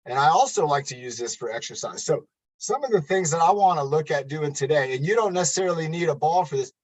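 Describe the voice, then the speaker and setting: An upbeat male fitness coach runs a live online class from home, counting reps and chatting with his viewers. His voice sits a little high with a husky edge, and it comes through a computer webcam mic. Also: lively intonation, fast, poor audio.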